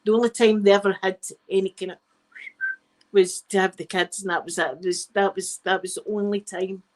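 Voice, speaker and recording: A woman's voice: mid-range voice, fairly even intonation, a little fast, rough recording. A middle-aged Scottish woman spins a rambling, digressive yarn for her live stream. She talks frankly and swears without a second thought. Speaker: channel host. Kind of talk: casual storytelling on a live stream.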